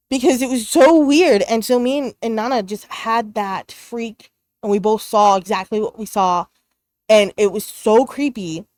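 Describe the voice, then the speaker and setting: A woman co-hosting a podcast, telling a personal ghost story in casual chat. She is animated and excitable, and uses many fillers and restarts. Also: fairly high pitch, dry recording. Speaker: podcast co-host.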